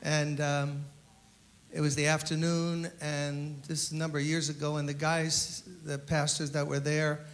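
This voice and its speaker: Slightly high-voiced pastor telling stories. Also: male voice, measured pace. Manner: animated anecdotal storyteller, acts out quotes. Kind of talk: memorial eulogy storytelling. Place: memorial service.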